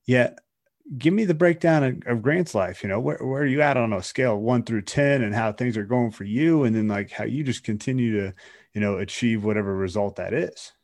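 A man's voice: medium pitch, fairly quick, darkish tone, dry recording, studio quality. A man co-hosting a podcast, talking loosely and casually, full of fillers. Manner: loose, talkative, peppered with "like" and "uh". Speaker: podcast co-host.

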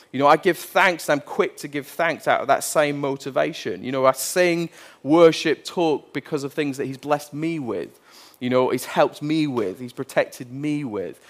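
A man, preaching a sermon in a conversational way and asking his listeners many rhetorical questions. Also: mid-range voice. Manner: conversational, with playful acted quotes and rhetorical questions. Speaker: pastor.

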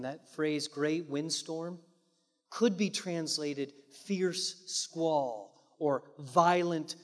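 High-voiced preacher in a reverberant hall. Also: male voice. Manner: dramatic, swinging from loud emphasis to hushed near-whispers. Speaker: pastor. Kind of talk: sermon.

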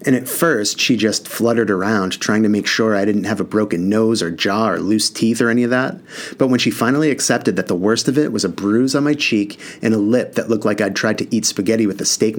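A man reading a first-person novel aloud in an earnest, casual voice with mild swearing. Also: fairly low pitch. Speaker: audiobook narrator.

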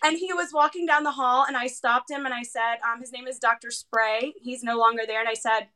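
A woman in her thirties, telling a personal story in a conversational interview, animated and full of fillers. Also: a little high, fairly quick. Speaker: guest, heart patient's parent.

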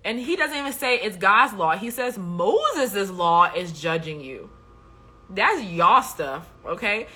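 Brief: an emphatic woman host in a casual livestream, bright and a little husky. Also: mid-range voice, big pitch swings, takes it slowly. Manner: preachy, emphatic, keeps asking "okay?". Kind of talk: casual livestream talk on faith.

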